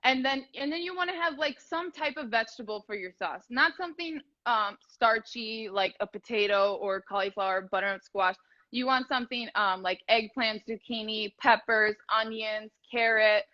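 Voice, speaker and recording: A woman's voice: fairly high pitch, moderate pace, dull audio. A woman chatting casually as a guest cook, rambling with lots of fillers, over a video call. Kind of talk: casual cooking chat.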